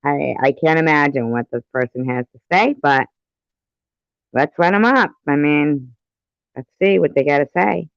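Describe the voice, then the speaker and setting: Woman host of a home live stream: gravelly, unhurried, rambling chat with silly sing-song bits, dull lo-fi audio. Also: sits low, no echo.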